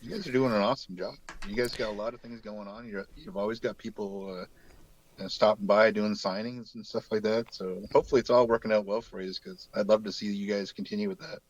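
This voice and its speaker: A man's voice: on the low side, fairly even intonation, quick pace, lo-fi sound. A man in his forties from New Brunswick, Canada, with a light local accent, chatting easily and rambling with plenty of fillers as a guest artist. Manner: easygoing, rambling with many fillers. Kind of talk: casual video-call chat.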